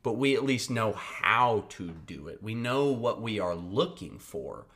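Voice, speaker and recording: A man's voice: fairly low pitch, big pitch swings, a little slow, a bit bright, breathy edge. A man hosting a podcast, giving casual advice in a blunt, profane, emphatic way and often checking in with his listeners. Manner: conversational, checks in with "right?" and "okay?". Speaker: podcast host.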